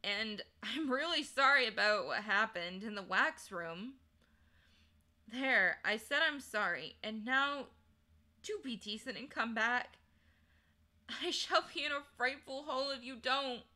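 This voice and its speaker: Woman voicing a worried storybook boy, high, bright, loud exclamations. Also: expressive, measured pace, exaggerated voice. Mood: pleading. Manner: pleading, exclaiming. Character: anxious young English boy, pleading.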